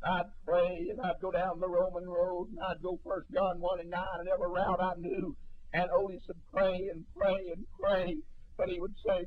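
A husky-voiced middle-aged preacher in full sermon mode. He tells stories with fervor, dropping to a hush and then rising to loud cries. His voice sits a touch higher than most men's. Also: little pitch movement, normal speed, highs cut off. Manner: fervent storytelling preacher, swinging from hushed to shouting. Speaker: pastor.

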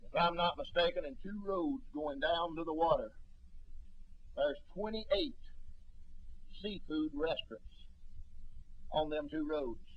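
Husky preacher, fervent sermon. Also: male voice, a little high, highs cut off. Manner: fervent storytelling preacher, swinging from hushed to shouting. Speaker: pastor.

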